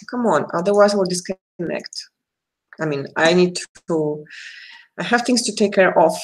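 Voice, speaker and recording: A woman hosting a live stream as a tarot reader and astrologer, talking casually and hesitantly with pauses and fillers. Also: lowish voice, slight background noise, poor audio.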